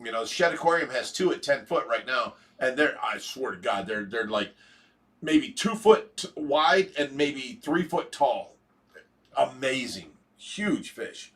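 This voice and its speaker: A man's voice: mid-range voice, lively intonation, measured pace, a bit bright. A middle-aged man with an Ohio accent hosting a casual livestream, rambling and chuckling, with many fillers. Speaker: livestream host.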